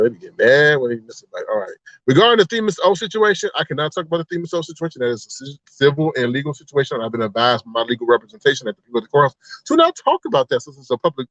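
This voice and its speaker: A man with a high voice hosts a casual livestream in a teasing, gossipy tone, greeting his viewers one at a time. He laughs often and slips into exaggerated outbursts. The sound is dry and a little dull, like a lo-fi webcam mic. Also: a bit bright, no room sound. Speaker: livestream host.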